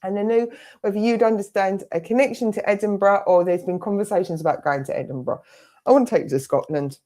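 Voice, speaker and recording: A woman's voice: mid-range voice, quick pace, a little mellow. A middle-aged woman gives a clairvoyant reading at a spiritualist service, speaking in a chatty, conversational way. She keeps dropping into little quoted asides as she passes on messages to the person she is reading for. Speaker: spiritualist medium. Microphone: online service stream.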